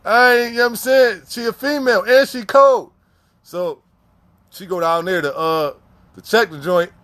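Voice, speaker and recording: A man casually telling prison stories in heavy profane slang, animated, with frequent restarts and repeats. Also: sits high, normal speed, clear, resonant tone. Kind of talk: casual storytelling.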